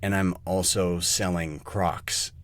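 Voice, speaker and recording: A man talking as a guest on a podcast, animated and casual, swearing freely and restarting sentences as he thinks. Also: low voice, takes it slowly, dry recording. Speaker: guest voice actor.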